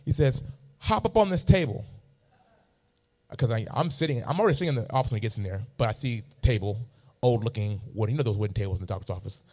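A man's voice: on the low side, rapid-fire, a little mellow. A man preaching a sermon, mixing a funny personal story with emphatic, repeated phrases.

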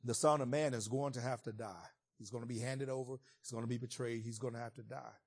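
A man voicing a solemn male teacher in a sermon retelling, speaking low and quietly. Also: fairly even intonation, fast talker, slightly rough. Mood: grave. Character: solemn male teacher foretelling his death.

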